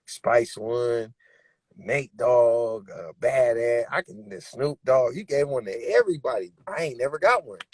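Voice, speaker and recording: Husky-voiced rapper, emphatic and candid. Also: male voice, mid-range voice, lively intonation, unhurried, dry recording. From Bay Area, California. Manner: emphatic, streetwise, heartfelt storytelling. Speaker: rapper and interview guest. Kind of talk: candid interview talk.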